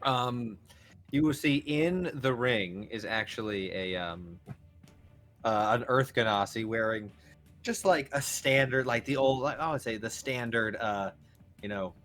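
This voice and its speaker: A man running a tabletop game as dungeon master, narrating in a rambling, animated way full of fillers. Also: on the low side, takes it slowly, pauses often, soft background music.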